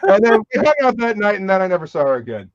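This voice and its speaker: A man's voice: high voice, wildly swooping pitch, fast talker, gravelly. A man hosting a casual live chat, telling rambling, profane stories and laughing often. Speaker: host. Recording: dull, dry lo-fi sound.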